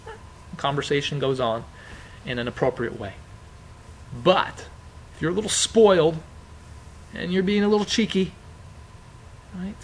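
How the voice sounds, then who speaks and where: A man's voice: on the high side, measured pace, pauses often, a little hiss or hum, rough recording. A man teaching a lesson in an informal, conversational way, repeating key phrases with frequent fillers. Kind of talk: informal classroom explanation.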